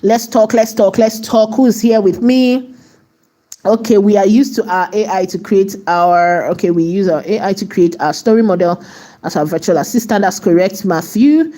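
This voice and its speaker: A woman hosts a live AI video tutorial, guiding viewers through the steps, talking with the chat and repeatedly checking in with "right?" She speaks at a moderate pace in a mellow, medium-pitched voice.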